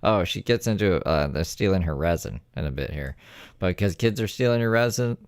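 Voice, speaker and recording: A man's voice: sits low, expressive, fairly quick, smooth, no echo, studio quality. A man giving casual reaction commentary in a sarcastic, profane way.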